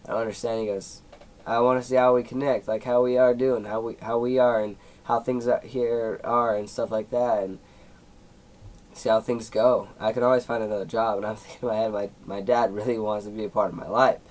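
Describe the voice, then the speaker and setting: A man's voice: fairly low pitch, little pitch movement, a little fast, darkish tone, poor audio. Emotional teenage guy rambling. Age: teens. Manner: rambling, many "like" fillers, emotional, tearing up at times. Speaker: YouTuber. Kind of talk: personal vlog storytelling.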